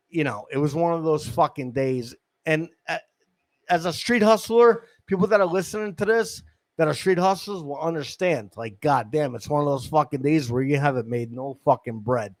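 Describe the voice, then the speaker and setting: A man's voice: on the high side, moderate pace, dry recording. A man, hosting a podcast and telling a rambling, profane street-hustler story into a studio mic. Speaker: podcast host. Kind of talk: casual storytelling. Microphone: studio microphone.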